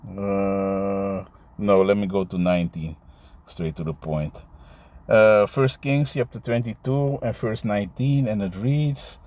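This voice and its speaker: A man preaching and reading scripture aloud in a loose, halting way, tagging his lines with "man" and "you see". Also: lowish voice, steady tone, darkish tone. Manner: halting, with many fillers and restarts while finding verses. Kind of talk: casual scripture teaching, reading verses aloud.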